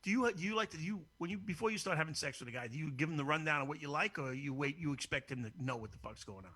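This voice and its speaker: A man hosting a crude, casual call-in show, brash and profane and quick to laugh. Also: fairly high pitch, lively intonation, bright, forceful tone, slightly rough. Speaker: host.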